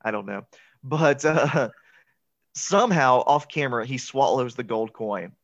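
A man's voice: mid-range voice, a little slow, no echo. A man casually recapping a movie as a podcast co-host, chatty and laughing often. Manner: chatty, laughs often, quotes lines in excited voices. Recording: dull lo-fi, dry.

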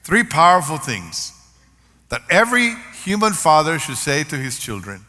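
Older male pastor, bright and forceful, preaching in a reverberant hall. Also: a little high, sing-song, moderate pace. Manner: earnest, varied emphasis, storytelling. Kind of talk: sermon. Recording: long reverb of a large hall.

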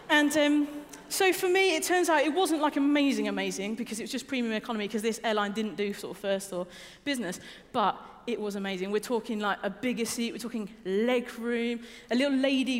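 A woman from England delivers a sermon with a high voice and a chatty, self-deprecating humor. The big church hall adds a long, ringing reverb behind her. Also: fairly quick. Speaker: preacher.

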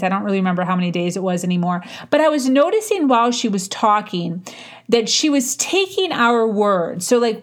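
A woman talks through her advice in a loose, unscripted way, full of "like" and "um" and restarted sentences. Her voice sits in an ordinary middle register. She stretches some words slowly and rushes through others, like someone teaching informally off the cuff. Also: medium pitch. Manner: conversational, frequent fillers and restarts, varied tempo. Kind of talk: casual instructional talk.

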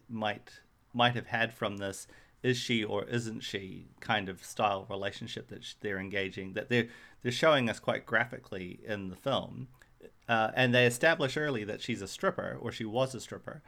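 A man's voice: lowish voice, gravelly, fairly bright tone. A man co-hosting a podcast, critiquing a film in casual chat with wry, joking asides. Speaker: podcast co-host.

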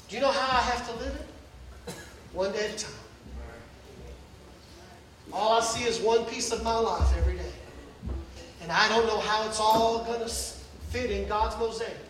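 High-voiced man preaching in an echoey hall. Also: a little hiss or hum. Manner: impassioned preaching, rising to near-shouts, dropping to hushed asides. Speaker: pastor. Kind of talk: sermon. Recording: echoey hall, heard from a distance.

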